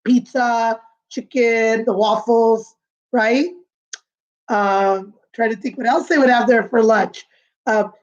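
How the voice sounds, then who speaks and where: A woman teaching a remote lesson to young children, patient and sing-song, repeating words slowly. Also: on the high side, dull audio. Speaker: kindergarten teacher.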